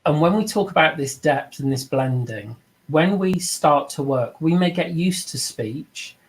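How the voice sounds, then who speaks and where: A man's voice: on the high side, expressive, unhurried. A man teaching trance mediumship over a video call, conversational and repetitive, acting out quoted voices as he tells stories. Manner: conversational, repeats himself, acts out quoted voices. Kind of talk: teaching with personal anecdotes.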